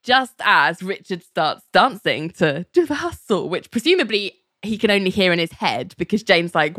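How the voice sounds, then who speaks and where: A woman's voice: medium pitch, moderate pace, few pauses, no room sound. A woman hosting a casual chat, retelling scenes from a show and acting out the quoted lines. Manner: animated storyteller, acting out quoted lines in put-on voices. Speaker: podcast host recapping a TV episode.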